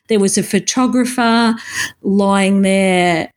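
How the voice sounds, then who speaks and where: A woman's voice: mid-range voice, slow. A woman co-hosting a podcast, chatting and telling stories with frequent laughter. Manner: giggly, chatty storytelling. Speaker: podcast co-host. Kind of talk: casual chat.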